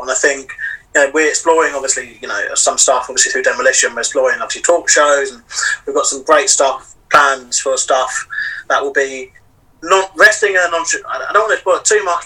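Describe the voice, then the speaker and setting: A man chats loosely as a podcast guest, leaning on fillers and looping back on his points. His voice is sharply bright and slightly husky. He sits back from the mic, so he sounds distant over the video call. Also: medium pitch, brisk. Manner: rambling, heavy on fillers like "you know". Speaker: wrestling promoter and wrestler. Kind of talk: casual podcast chat.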